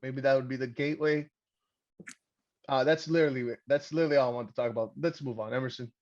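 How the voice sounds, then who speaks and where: A man's voice: mid-range voice, quick pace, dull audio. A young man from Canada hosting a wrestling podcast, rambling and swearing in casual chat. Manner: rambling, crude, excitable. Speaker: podcast host.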